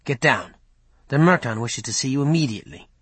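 A man reading an audiobook, voicing a stern male gate guard who gives low, curt commands. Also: expressive, a little fast, a bit bright, breathy edge, no room sound. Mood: gruff.

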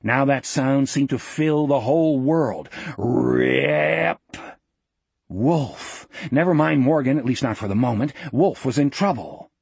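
A man reading an audiobook in a steady, dramatic storytelling manner. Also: mid-range voice, normal speed, few pauses, husky, no echo. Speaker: audiobook narrator. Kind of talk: scripted narration.

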